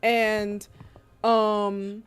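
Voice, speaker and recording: She draws out her words in a smooth, mid-range voice while chatting casually on stream. The woman tells lively, slangy stories and exclaims loudly when she can't believe something.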